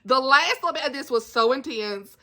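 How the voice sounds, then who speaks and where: Gushing high-voiced woman vlogger. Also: animated, fairly quick, bright, forceful tone. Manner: gushing, emotional, laughs often, says like a lot. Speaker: book vlogger. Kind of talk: casual reading vlog to camera. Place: at home indoors. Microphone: phone camera.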